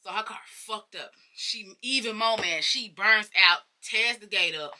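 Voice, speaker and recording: Woman from arkansas spilling a wild story, super bright sharp voice, cussing, loud one sec and hushed the next. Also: medium pitch, a little slow, slight background noise. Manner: animated, profane, swings from loud outbursts to hushed asides. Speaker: storyteller vlogger. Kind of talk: casual storytime monologue.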